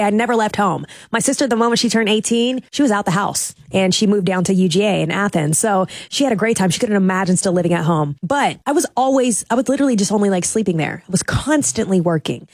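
A woman's voice: medium pitch, no echo, studio quality. A woman co-hosting a nightly radio show, chatting casually and acting out quotes from stories. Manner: chatty, animated, acts out quotes. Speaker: radio co-host.

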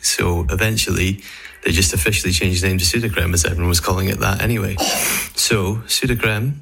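A man's voice: sits low, fairly even intonation, a little fast, gravelly, noisy background. A man from Scotland with a Scottish accent, leaving a joking voice message for the show while a child babbles nearby. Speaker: caller. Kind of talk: recorded voice message.

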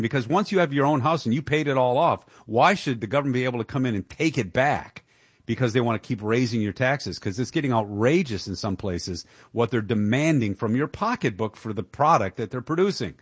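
A man's voice: mid-range voice, animated, fairly quick, husky, no echo, clean studio sound. A man hosting a political talk radio show, speaking in an indignant, emphatic way with occasional chuckles.

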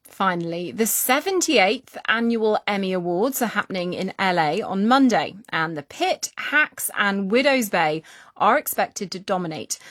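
Female news presenter, dry close studio sound, crisp read. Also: medium pitch, no room sound.

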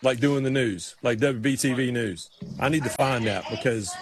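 A man's voice: medium pitch, normal speed, crowd noise. A man from North Carolina with a Southern US accent, co-hosting a radio show and rambling through self-deprecating stories. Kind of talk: casual chat.

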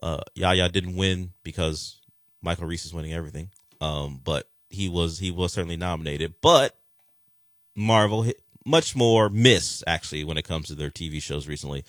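A man's voice: sits low, moderate pace, a bit bright, no echo, clean studio sound. A man hosting a sports talk radio show, chatting casually and rambling with frequent restarts.

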